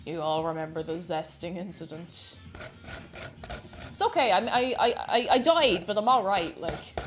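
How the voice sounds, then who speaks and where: A woman's voice: lowish voice, lively intonation, unhurried. A woman, a variety streamer chatting casually with her chat while she bakes, greeting viewers by name and laughing often.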